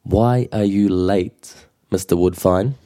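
Deep, mellow-voiced New Zealand man as a patient language teacher who repeats phrases slowly. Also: fairly even intonation. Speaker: te reo Māori teacher. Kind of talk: relaxed language lesson.

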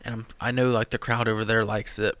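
A young American man rants sarcastically on a podcast in a bright, forward voice. The sound is dry and close, with no room around it. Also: lowish voice, little pitch movement, fast, dry recording. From United States. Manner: ranting, sarcastic. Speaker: podcast co-host. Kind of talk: casual chat.

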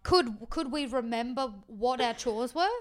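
A woman's voice: on the high side, a little slow, a little hiss or hum. A woman co-hosting a casual chat, recapping a TV show and acting out quotes in funny voices. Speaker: podcast co-host.

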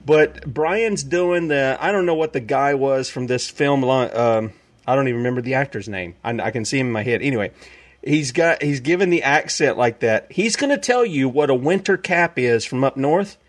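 Chatty radio host. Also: male voice, medium pitch, lively intonation, moderate pace. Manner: chatty, rambling, laughs easily. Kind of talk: casual show announcements.

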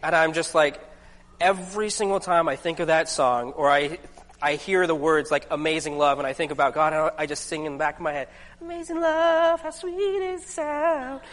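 Casual guy preaching, a bit high-voiced, jokey asides, long church reverb. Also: steady tone, a little fast, a bit bright. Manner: chatty, self-deprecating storyteller with lots of asides. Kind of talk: casual sermon to a congregation.

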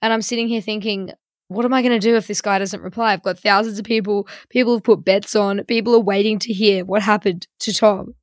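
A chatty young woman hosts a casual podcast and tells her story with wry humour. She reads messages aloud in a mock-dramatic voice, at a middling pitch. The sound is close and dry, with no room around her. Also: steady tone, brisk, dry recording. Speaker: podcast host.

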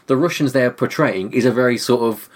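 A man's voice: medium pitch, fairly quick. A man hosting a casual film podcast, rambling and hesitant, often ending points with tag questions. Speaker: podcast host. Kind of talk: casual chat.

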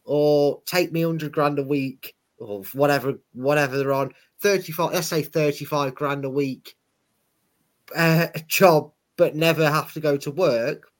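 A man's voice: on the high side, a little slow. Chatty sarcastic man. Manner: chatty, sarcastic, laughs while telling stories. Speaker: podcast co-host. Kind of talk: casual football chat.

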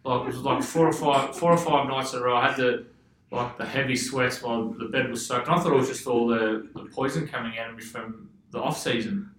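A man's voice: medium pitch, fairly even intonation, fairly quick, a bit bright, reverberant, rough recording. A man with an Australian accent telling loose, rambling stories in casual chat, swearing freely and laughing often. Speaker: podcast guest, former footballer.

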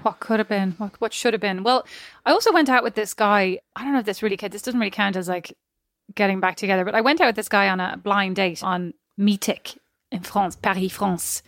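Woman, frank opinionated banter, fast talker, dry recording. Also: medium pitch, fairly bright tone, dry recording. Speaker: podcast co-host. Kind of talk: casual chat.

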